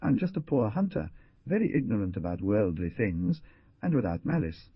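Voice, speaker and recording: A man voicing a kind, fatherly frontier hunter who gently coaxes his daughter, in an audiobook. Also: lowish voice, very animated, normal speed, breathy edge, no echo, lo-fi sound. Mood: gentle. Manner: coaxing, affectionate. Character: warm old trapper, fatherly and caring.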